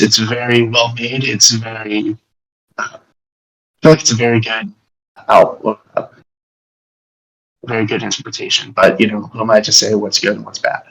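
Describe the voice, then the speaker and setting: A man's voice: mid-range voice, fairly bright tone, low-quality recording. Young adult male podcast host, casual and rambling, joking, mid-range voice. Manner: rambling, restarts, jokey. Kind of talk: casual album breakdown.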